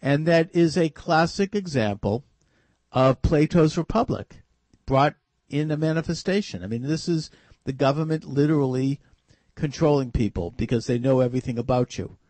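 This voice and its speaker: A man's voice: fairly high pitch, normal speed, darkish tone, dry recording. A man hosting a radio talk show, earnestly urging listeners to act.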